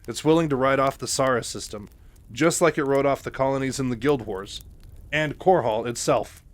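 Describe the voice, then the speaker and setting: A man's voice: medium pitch, normal speed, natural voice. A man voicing a defiant, bitter woman rebel who talks in a scornful, cutting way.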